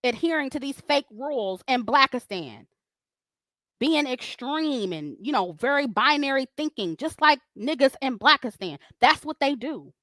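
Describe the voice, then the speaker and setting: A woman's voice: sits high, expressive, moderate pace, pushed and bright, no room sound, clean studio sound. A woman hosting a livestream, ranting at critics in a confrontational, profane way, laughing often as she reads super chats.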